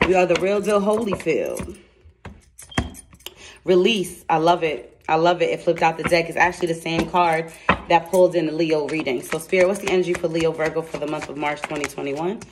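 Excitable chatty woman reading tarot. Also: sits low, a little fast, noisy background. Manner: excitable and chatty, laughs and exclaims; blunt, slangy, speaks straight to viewers. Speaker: tarot card reader. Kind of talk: casual tarot reading to camera.

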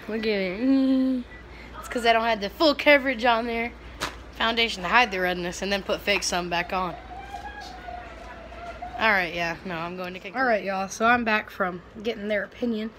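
A woman's voice: mid-range voice, moderate pace, a bit bright, a little hiss or hum, poor audio. Chatty young woman. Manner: rambling, chatty, lots of fillers and restarts. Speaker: vlogger. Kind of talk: casual vlog chat. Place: at home, indoors.

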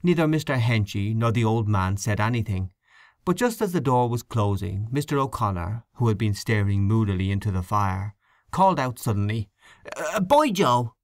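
A man narrating an audiobook in a measured storytelling manner. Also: on the low side, dry recording, clean studio sound. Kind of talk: scripted narration.

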